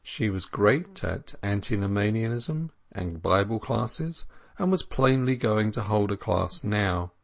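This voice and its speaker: A man narrating a classic novel as an audiobook in a measured, even reading. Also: fairly low pitch, creaky.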